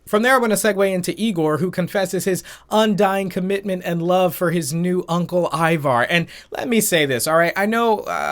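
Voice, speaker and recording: Male host, casual animated review chat, slightly high-pitched. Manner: animated, opinionated recapping with frequent "um". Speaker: reaction channel host.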